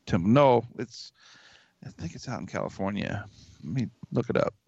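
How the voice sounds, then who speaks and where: Gravelly man in loose podcast chat. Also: lowish voice, lively intonation, moderate pace, a little mellow, no echo. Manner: loose, swearing, easily amazed. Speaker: podcast co-host. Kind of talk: casual chat. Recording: dull lo-fi dry recording.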